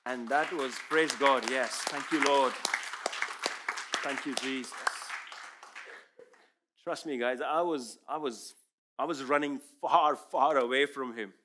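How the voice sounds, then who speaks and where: A man's voice: mid-range voice, slow, pauses often, crowd noise, noisy background. A man whose first language is Urdu, giving an earnest, emphatic sermon testimony as a preacher.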